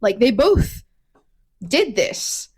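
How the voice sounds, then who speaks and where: A woman co-hosting a podcast in casual chat, telling a story in a lively, profane way with lots of restarts. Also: a little high, drawn-out words, breathy edge. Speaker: podcast co-host.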